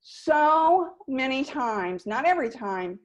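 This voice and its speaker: Woman sales coach, host, lively conversational delivery, slightly higher pitch. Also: slow pace, highs cut off. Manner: lively, demonstrates phone intonation. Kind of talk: conversational interview.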